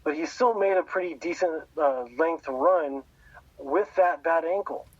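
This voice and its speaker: A man co-hosting a sports podcast, measured and agreeable, who often hedges his points. His voice sits a little high for a man, and the sound is muffled and lo-fi but dry. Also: dry recording. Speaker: podcast co-host.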